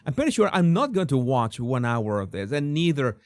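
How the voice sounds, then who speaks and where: A man's voice: medium pitch, brisk. Spanish-accented man hosting commentary. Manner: animated, stammers and repeats words. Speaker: commentary channel host. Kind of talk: casual video commentary.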